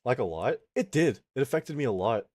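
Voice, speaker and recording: A man's voice: medium pitch, expressive, fairly quick, a little mellow, no room sound. A man streaming and chatting with his audience, telling a story in a casual rant. He swears freely and reads out his chat as he goes.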